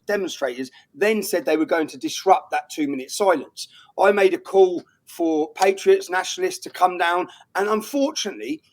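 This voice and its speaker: Man, British accent, high pitch, middle-aged, indignant, emphatic, interview guest. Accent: British English. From England. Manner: indignant, emphatic, repeats phrases. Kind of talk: heated interview talk.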